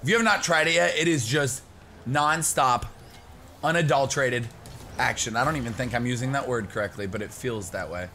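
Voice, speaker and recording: A young man giving excited live gameplay commentary, shouting and laughing as he plays and chats to viewers. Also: mid-range voice, a little fast, slight background noise. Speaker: gaming YouTuber.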